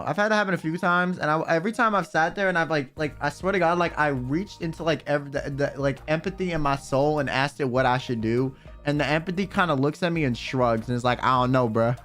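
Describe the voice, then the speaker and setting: A man's voice: fairly high pitch, quick pace, hardly any pauses, fairly bright tone, faint music behind. A man streaming and chatting casually, rambling with lots of fillers and swearing. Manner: rambling, profane, trails off with fillers. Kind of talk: casual livestream chat.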